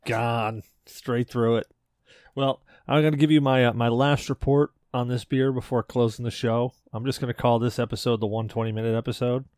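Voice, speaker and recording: A man's voice: medium pitch, steady tone, moderate pace, darkish tone, smooth, no room sound, studio quality. A man hosting a podcast in casual chat, a bit tipsy from beer and joking loosely at his own expense. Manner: loose, self-mocking joking.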